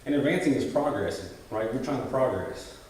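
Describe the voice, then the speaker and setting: A man reading a scripture passage and then explaining it in a relaxed, conversational teaching style, with frequent "you know" fillers and restarts. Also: mid-range voice, brisk, a little hiss or hum. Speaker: bible study teacher. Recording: roomy echo, voice from far off the mic.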